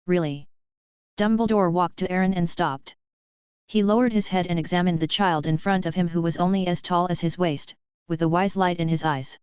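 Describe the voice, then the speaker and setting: A woman reading a fantasy audiobook in an even, steady narrating voice, close to the mic. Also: fairly low pitch, clear, resonant tone, no echo. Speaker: audiobook reader. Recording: dull, lo-fi, dry.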